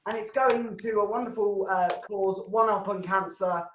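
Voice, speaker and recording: A woman's voice: mid-range voice, fairly even intonation, moderate pace, echoey room, muffled recording, slight background noise. A woman hosting a comedy show from home over a video call, ranting and swearing and laughing at her own jokes. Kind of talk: casual rambling stand-up hosting.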